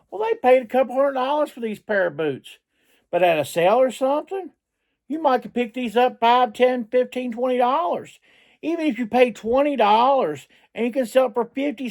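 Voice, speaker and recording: A middle-aged man hosting a reselling vlog, talking in an excitable, rambling way and often repeating himself. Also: high-pitched. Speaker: reseller channel host. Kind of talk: casual vlog talk.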